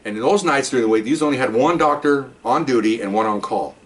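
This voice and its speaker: An older man, a retired police officer, telling a story in a casual, animated way and acting out the people he quotes. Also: medium pitch, quick pace. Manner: animated, acts out quoted voices.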